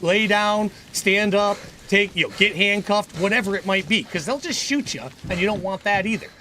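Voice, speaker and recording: A man's voice: sits high, moderate pace, pushed and bright, slight background noise. A man chatting casually on a gaming livestream. He is earnest and opinionated, and he rambles with frequent restarts. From United States.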